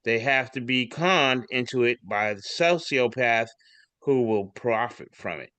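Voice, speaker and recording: A man rambles through a pile of memes on a casual podcast, swearing freely and laughing along at the jokes. His voice is bright and forward. The sound is dry and close, with no room around it. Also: mid-range voice, lively intonation, unhurried, no room sound. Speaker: podcast co-host. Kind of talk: casual chat reading memes aloud.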